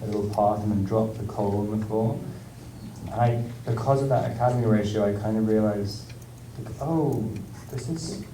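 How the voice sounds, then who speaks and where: On a festival stage in a big room, a British actor answers Q&A questions in a rambling, halting way, full of fillers, restarts and frequent laughter. His mellow voice is on the low side with fairly even intonation, picked up from far off with a roomy hall sound and a little hiss or hum.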